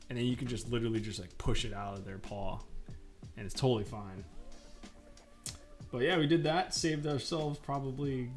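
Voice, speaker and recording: Dude rambling on a drawing stream, cussing a lot, lots of likes and ums, quiet music behind. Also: male voice, medium pitch. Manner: rambling and profane, lots of fillers. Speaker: comic artist streaming while drawing. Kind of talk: casual live-stream chat.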